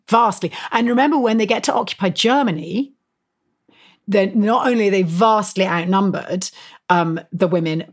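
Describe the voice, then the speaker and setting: Woman, interview guest, animated storyteller, laughs often, fillers, mid pitch. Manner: lively, laughs often, frequent fillers and restarts.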